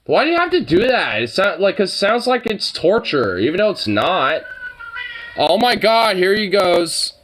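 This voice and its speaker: A streamer in casual live-stream chat, unhurried but animated, swinging from low grumbles to high exclamations. They swear often and react to chat messages while scolding or cooing at their pets. A faint background noise sits under the voice. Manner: profane, scolds and coos at pets.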